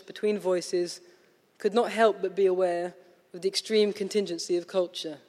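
A woman with a posh English accent, a novelist reading a prepared lecture in a measured, wry, literary manner. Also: medium pitch, darkish tone. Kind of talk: prepared lecture read aloud. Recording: long reverb of a lecture hall.

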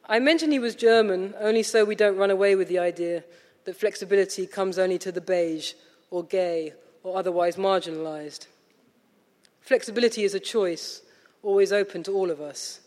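A woman with a posh English accent delivers a prepared lecture as a novelist, measured and wry. Her voice carries the long reverb of a lecture hall. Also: medium pitch, steady tone, a little mellow. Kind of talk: prepared lecture read aloud.

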